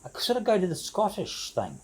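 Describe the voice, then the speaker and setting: A man's voice: mid-range voice, unhurried, background noise. A man chatting casually to his viewers from his home brew shed, rambling and hesitant, full of fillers and restarts. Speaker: home brewer. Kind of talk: casual vlog chat to viewers.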